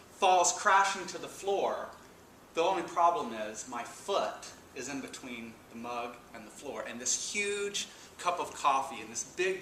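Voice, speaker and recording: A man giving an introductory philosophy lecture, telling a personal story with lively, animated emphasis. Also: medium pitch, distant mic, slight background noise. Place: lecture room. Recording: echoey room, speaker off-mic.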